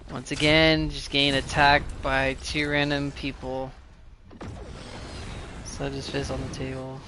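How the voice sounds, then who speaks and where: Bright-voiced rambling gamer guy. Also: medium pitch, monotone, takes it slowly, long pauses, a little hiss or hum. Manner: rambling, laughing often, self-mocking. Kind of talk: casual gameplay commentary.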